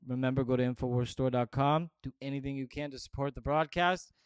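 A man's voice: fairly high pitch, fairly quick, smooth, dry recording, studio quality. A man hosting a podcast, closing the show with an upbeat, hyped sign-off. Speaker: podcast host.

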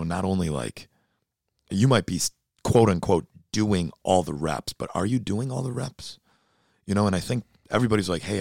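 A man co-hosting a casual fitness chat, blunt and animated, who gets fired up while he talks. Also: low-pitched, gravelly, dry recording, studio quality.

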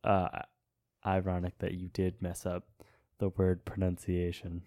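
A man's voice: low-pitched, completely flat delivery, a little slow, mellow. A young man hosting a podcast, joking, teasing and laughing often in casual chat. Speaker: podcast host. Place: small studio booth.

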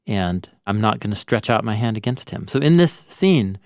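A man co-hosting a podcast, casually walking through a Bible story and acting out its lines with animated delivery. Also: on the low side, moderate pace, clear, resonant tone, no room sound, clean studio sound. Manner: animated storyteller, acts out quoted lines with laughs. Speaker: podcast co-host, Bible teacher. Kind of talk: casual conversational Bible discussion.

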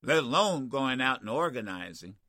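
A man's voice: medium pitch, very animated, normal speed, pushed and bright, dry recording, studio quality. An older man hosting a call-in radio talk show, blunt, fiery and profane with callers. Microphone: studio microphone.

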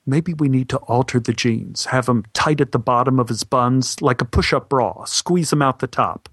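A man's voice: medium pitch, normal speed, a bit bright, no room sound, studio quality. A man voicing a fussy, blunt male costume designer who talks in an offhand murmur.

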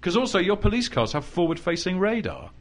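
British man, middle-aged, lively storyteller, slightly high voice, animated delivery. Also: brisk. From United Kingdom. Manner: animated storyteller, acts out quotes. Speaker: podcast guest, former TV writer. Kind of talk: casual chat.

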